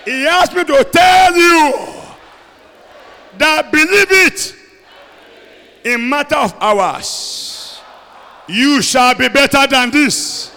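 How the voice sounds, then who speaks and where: A man leading a fiery sermon and prayer, alternating shouted prayer with quieter speech. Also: very high voice, slow, pauses often. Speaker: pastor. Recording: long hall reverb.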